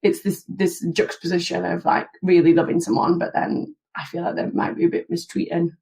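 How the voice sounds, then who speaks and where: A woman co-hosting a casual music podcast, reflecting on lyrics as she thinks aloud. Her voice is somewhat low for a woman. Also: little pitch movement, a little fast, vocal fry, warm tone. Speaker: podcast co-host. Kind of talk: casual chat about song lyrics.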